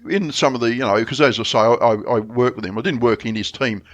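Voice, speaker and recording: A middle-aged Australian man chatting casually, telling a long story with many restarts and getting animated when he quotes people. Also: mid-range voice, quick pace, highs cut off. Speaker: friend sharing memories. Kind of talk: casual chat.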